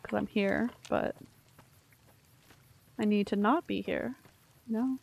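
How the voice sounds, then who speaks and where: A young woman with a gravelly, fry-edged voice chats her way through a game stream. She rambles loosely, swears casually and laughs at her own mistakes. Her pitch sits in an ordinary middle range. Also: steady tone, slow pace, a little mellow. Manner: chatty, rambling, swears casually, self-mocking. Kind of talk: casual gameplay commentary.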